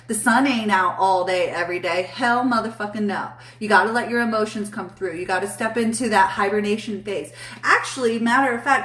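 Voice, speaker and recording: A woman's voice: on the high side, fairly bright tone, distant mic. A woman hosting a casual live spiritual reading stream, chatty and blunt, swearing freely as she answers chat. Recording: echoey room, voice off mic.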